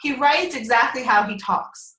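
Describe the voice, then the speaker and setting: Her voice is on the high side and a little slow, with a sharp edge, as she chats loosely with her team on a group call. Expect frequent laughter and casual swearing, all coming through a conference line from an echoey room.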